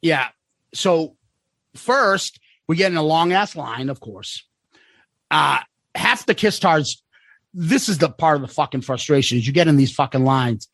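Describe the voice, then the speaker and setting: A man co-hosting a podcast, telling travel stories in a casual, profane, animated way. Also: fairly high pitch, measured pace, no room sound. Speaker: podcast co-host. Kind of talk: casual chat.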